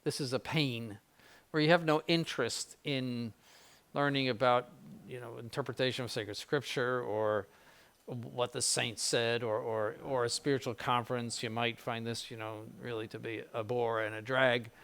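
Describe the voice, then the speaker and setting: A man's voice: medium pitch, fairly even intonation, moderate pace, gravelly, fairly bright tone, clean tone. An older man, a bishop, giving an informal spiritual conference to seminarians, conversational with frequent restarts and dry ironic asides. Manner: conversational, repeats words, mild jokes, ironic asides.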